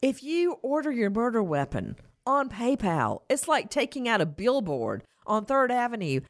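Animated woman host of a true crime show, sarcastic, quick to laugh, lively pitch.

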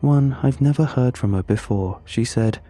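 A man narrating a first-person horror story in a measured, uneasy way, with drawn-out pauses. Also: mid-range voice, dark tone, soft background music.

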